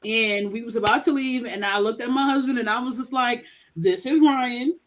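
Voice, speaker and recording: A woman's voice: a little high, steady tone, brisk, a bit bright. Chatty woman on a casual podcast. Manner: chatty, storytelling with quoted lines. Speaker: podcast co-host.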